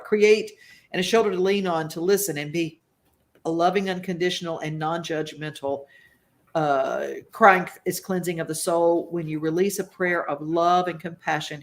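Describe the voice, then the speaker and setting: A woman hosting a talk show, speaking emphatically and reading viewer comments aloud. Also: on the low side. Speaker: host. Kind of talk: casual talk show chat.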